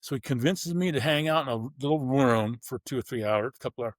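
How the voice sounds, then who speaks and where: On a dry recording, a man talks a little fast at medium pitch, bluntly recounting his past as a former pro football player in an interview and performing the voices of those he quotes.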